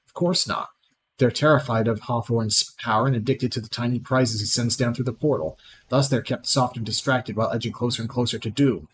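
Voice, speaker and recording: A man reading out the lines of a proud, scornful female sorceress in a video game, plainly and with small slips, over clear background noise. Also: medium pitch, a little fast, lightly acted, low-quality recording.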